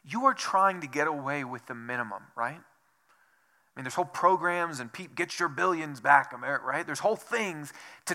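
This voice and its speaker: A man's voice: on the high side, animated, moderate pace, sharp tone. A man preaching a sermon as pastor, asking rhetorical questions over and over and dropping to a whisper for emphasis. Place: church.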